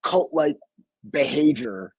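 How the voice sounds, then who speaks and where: Husky guy rambling and swearing on a podcast, pitch a bit high, dry sound. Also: slow, dry recording, poor audio. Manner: profane, rambling, animated. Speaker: podcast host. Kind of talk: casual podcast chat.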